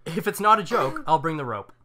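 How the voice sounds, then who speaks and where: A man's voice: on the high side, animated, fairly quick, sharp tone. A man co-hosting a casual podcast, reading out dating-app messages and laughing between lines. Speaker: podcast co-host.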